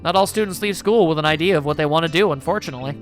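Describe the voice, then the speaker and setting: A man voicing a patient male schoolteacher who lectures in a measured, roundabout way while reading a visual novel aloud. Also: fairly high pitch, faint music behind, natural voice. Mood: reassuring.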